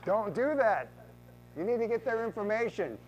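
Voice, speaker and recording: A man teaching a room of real estate agents in a training talk, lively and acting out quoted voices, often repeating words as he goes. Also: high-pitched, moderate pace, lo-fi sound.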